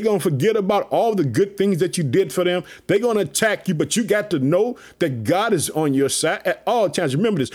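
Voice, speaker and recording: Pumped-up high-voiced preacher man. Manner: excited, repetitive preaching catchphrases. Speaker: pastor. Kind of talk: energetic podcast sermon.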